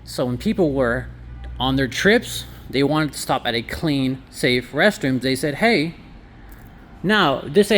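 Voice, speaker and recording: A man's voice: mid-range voice, expressive, unhurried, fairly bright tone, a little hiss or hum. A man who owns a laundromat, talking casually through a walkthrough vlog with sarcastic asides. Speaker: laundromat owner. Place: inside a laundromat.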